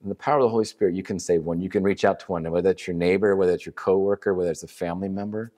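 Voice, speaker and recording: A man's voice: deep voice, steady tone, racing, mellow. A middle-aged man preaching to a church, earnest and conversational, telling a story with many restarts. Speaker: ministry leader speaking at a church. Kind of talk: sermon with storytelling.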